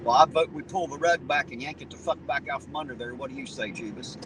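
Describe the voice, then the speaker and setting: A man's voice: mid-range voice, fast talker, background noise. Blunt, profane man rambling on a livestream. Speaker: livestream host reading viewer comments. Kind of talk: casual livestream chat.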